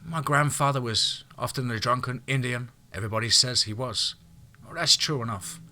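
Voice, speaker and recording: A man's voice: mid-range voice, normal speed, bright, forceful tone, voice pushed up. A man voicing a proud, defiant young woman in an audiobook, speaking in a firm, lecturing way. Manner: firm, lecturing, slightly exasperated.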